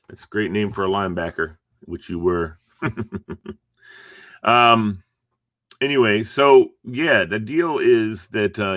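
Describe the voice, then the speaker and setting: In studio-quality audio with no room sound, a middle-aged man with a fairly low, fairly bright voice hosts his morning encouragement livestream from home. Still sleepy from just waking, he rambles and chats, yawning between thoughts and chuckling here and there.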